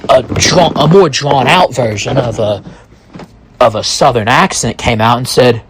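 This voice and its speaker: Slow, rambling male storyteller. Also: mid-range voice, breathy edge, dry recording. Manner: rambling, halting, full of asides. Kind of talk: first-person spoken story.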